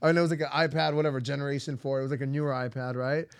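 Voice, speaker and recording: A man's voice: mid-range voice, flat delivery, very fast, clean tone, no echo, studio quality. A man co-hosting a podcast, telling a self-mocking story in a rambling way full of fillers. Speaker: podcast co-host. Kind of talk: casual storytelling.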